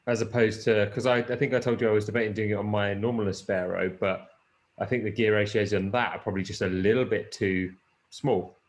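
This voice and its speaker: A man's voice: lowish voice, fairly even intonation, brisk. A man hosting a casual podcast chat, rambling with fillers and swearing. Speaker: podcast host. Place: lives in the Peak District.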